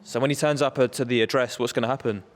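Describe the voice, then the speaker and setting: A man being interviewed as an actor, jokey and quick with banter. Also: mid-range voice. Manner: jokey, animated. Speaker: actor guest. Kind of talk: casual chat.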